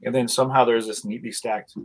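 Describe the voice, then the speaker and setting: A man's voice: mid-range voice, level tone, fast, rough recording. A man hosting a casual online chat, rambling and retelling his own exchanges with many restarts. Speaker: host.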